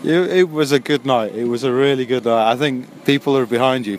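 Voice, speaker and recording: A man hosting a late-night podcast in a loose, rambling way, mulling things over between friendly nudges to his listeners. His pitch sits in the middle of the male range. A faint hum of surroundings hangs behind him. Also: moderate pace. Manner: rambling and musing, friendly encouragement. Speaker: podcast host and new stand-up comic. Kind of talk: casual late-night chat. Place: near a train line at night.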